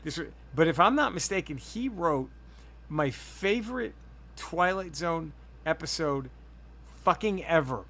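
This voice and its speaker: A man's voice: a little high, expressive, unhurried, a bit bright. A man hosting a podcast in casual chat, rambling and profane as he tells a story. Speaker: podcast host.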